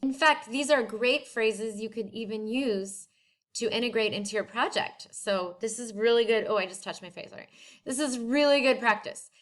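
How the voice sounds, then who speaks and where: A friendly woman teacher talks her class through a lesson from home. Her voice sits a little high, and she keeps a loose, chatty flow as she moves between English and French. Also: moderate pace.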